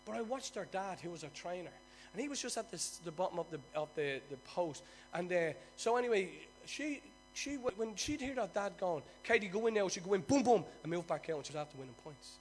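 A man with an Irish accent preaching in a high voice. He tells stories and swings between loud bursts and quiet asides. Soft music plays faintly behind him. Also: very animated, a little fast. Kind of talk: sermon.

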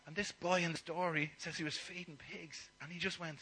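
A man preaching a sermon, telling the story with animated shifts from loud to near-whispered asides. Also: a little high, fairly quick, hardly any pauses, a little hiss or hum, low-quality recording.

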